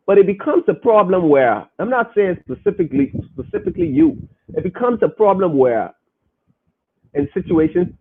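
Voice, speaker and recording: A man's voice: on the high side, creaky, slightly rough, narrow, tinny audio. A man hosting a podcast, preaching emphatically and repeating his points as he reads comments from the chat.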